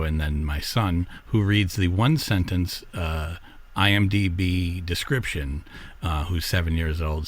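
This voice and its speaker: Deep-voiced man co-hosting a podcast. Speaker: podcast co-host. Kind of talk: casual podcast chat.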